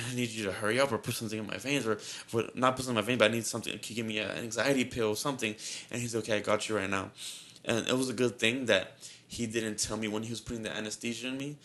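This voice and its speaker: A young man co-hosting a podcast tells a story in casual chat, rambling, repeating himself and saying "like" a lot, sounding shaky and nervous. His voice sits on the low side with a fairly bright tone.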